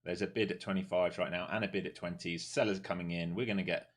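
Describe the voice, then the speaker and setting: A man with a notably low, deep voice talks through his day trades live as the market moves. He keeps up a quick, running commentary from his trading desk. When a trade goes his way he bursts into loud, excited cheering and swearing. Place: home trading desk with several monitors.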